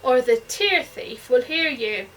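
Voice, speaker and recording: A woman's voice: on the high side, animated, slow, distant mic, poor audio. A woman doing a firm storybook mother. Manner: firm, gently scolding. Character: patient mother bathing her son.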